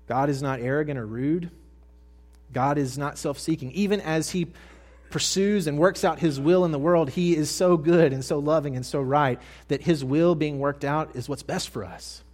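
A male pastor delivering a sermon, telling a story dramatically and swinging between hushed and loud. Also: on the high side.

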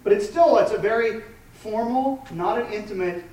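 A man's voice: high-pitched, moderate pace, a little mellow, slight background noise. A man in his thirties preaching a sermon as a pastor, talking in a loose, conversational way with frequent restarts. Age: 30s. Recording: echoey room from a distant mic.

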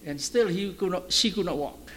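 Male pastor preaching slow, kinda high voice, lots of hall reverb, gets loud at big moments. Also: a little hiss or hum. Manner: animated storytelling, shouting at peaks. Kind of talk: sermon storytelling.

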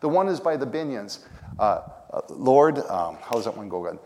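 A man preaching a sermon, telling stories, singing lines of worship songs and building to shouted calls. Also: mid-range voice, sing-song, moderate pace, a little hiss or hum. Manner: storytelling, sings lines of songs, rises to shouts. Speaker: pastor. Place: church sanctuary. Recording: long hall reverb.

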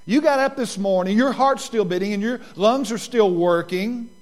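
A man in his sixties preaching a sermon as pastor, earnest and repeating his key points, slowing down for emphasis and then speeding through asides. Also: high-pitched. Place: church sanctuary.

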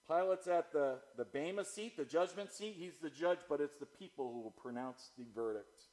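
A man preaching from the pulpit, his voice sitting a touch above the usual male range. He declaims scripture loudly, then drops to low, quiet explanation. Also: normal speed, hardly any pauses, poor audio. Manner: dramatic, swings from loud declamation to low quiet asides. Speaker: pastor. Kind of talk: sermon.

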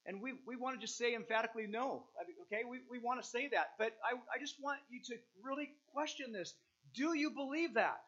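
Male pastor, high-pitched, earnest sermon delivery, slow over scripture, muffled recording. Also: a bit bright. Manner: earnest, reads scripture slowly then preaches with restarts and fillers.

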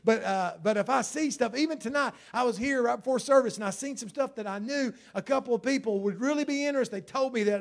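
A man preaching a fervent sermon as pastor, swinging from hushed lines to loud emphatic ones. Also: high voice, fairly quick, hardly any pauses.

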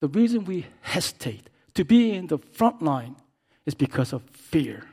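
Impassioned preacher, fairly high voice. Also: male voice, sing-song, measured pace, husky. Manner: impassioned preaching, swinging from hushed to loud. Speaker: pastor. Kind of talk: sermon.

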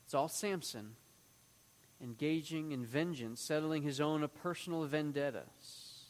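A man's voice: fairly high pitch, unhurried, big-room sound. A man teaching through a Bible passage, reading it aloud and acting out the quoted lines in a raised voice.

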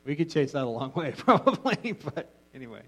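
A man's voice: a little high, sing-song, fairly quick, a bit bright, low-quality recording. Joking, casual male Bible teacher. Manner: casual and joking, with frequent restarts. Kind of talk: informal Bible class teaching.

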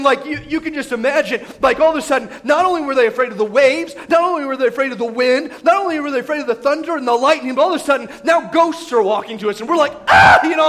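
A man preaching a sermon, retelling a story in animated fashion, full of fillers and repeats, swinging between shouts and hushed asides. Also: extremely high pitch. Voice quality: filler-heavy, repetitive.

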